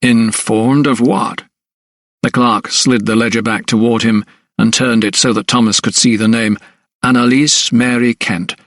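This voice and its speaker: In an even, measured way, a man with a mid-range voice narrates a historical mystery audiobook from a script. The recording is studio quality with no room sound.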